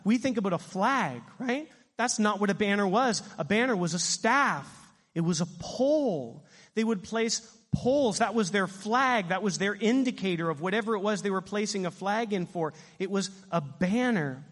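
A middle-aged man preaching a sermon as pastor, animated and asking his congregation questions. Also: sits high, normal speed, hardly any pauses, big-room sound.

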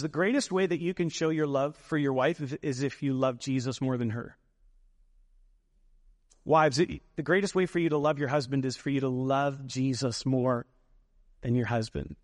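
A man's voice: mid-range voice, big-room sound. A man preaching a sermon as a pastor, emphatic, repeating phrases for weight.

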